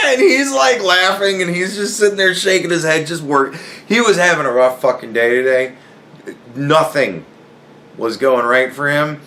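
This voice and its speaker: A man's voice: fairly high pitch, moderate pace, slight background noise. A man casually telling a funny story from work, swearing often and breaking into laughter as he goes. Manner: profane, animated, laughing a lot while telling. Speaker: podcast host.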